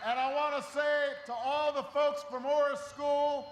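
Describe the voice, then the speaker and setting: Man shouting a rally speech, echoey hall. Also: very high voice, flat delivery, a little slow, a little hiss or hum. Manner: rousing, shouting over a crowd. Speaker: political speaker at a rally. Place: large rally venue.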